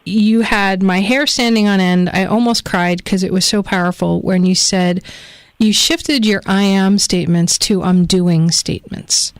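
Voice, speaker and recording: A woman's voice: medium pitch, fairly even intonation, a little slow, dry recording. An American woman hosting a live radio talk show, effusive and enthusiastic as she interviews a guest.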